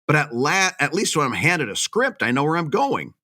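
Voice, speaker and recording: Jokey podcast guy, bright tense voice, slightly high, laughs a lot. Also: big pitch swings, normal speed. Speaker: podcast co-host. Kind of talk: casual chat.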